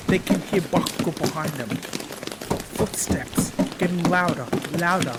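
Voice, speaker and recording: A man narrating an improvised fan story in a casual, halting way, often repeating his phrases. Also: high-pitched, very noisy.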